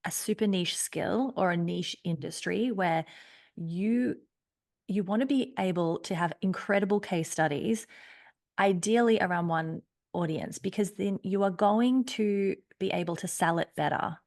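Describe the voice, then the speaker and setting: A woman's voice: on the low side, measured pace, creaky, darkish tone. A woman in her thirties with an Australian accent, a podcast guest speaking in an upbeat, emphatic conversational way. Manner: upbeat, emphatic, laughs easily. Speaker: podcast guest, business strategist. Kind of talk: conversational interview.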